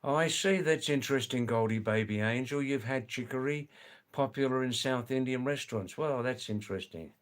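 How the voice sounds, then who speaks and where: A man's voice: medium pitch, normal speed. A man with an Australian accent hosting a casual live stream, chatting and reading viewer comments aloud. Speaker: livestream host reading chat.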